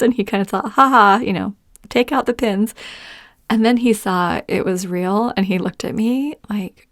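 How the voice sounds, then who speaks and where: A woman's voice: mid-range voice, normal speed, dry recording, clean studio sound. A middle-aged woman hosting a podcast, telling personal stories in a chatty way and laughing often. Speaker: podcast host. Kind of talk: personal storytelling monologue.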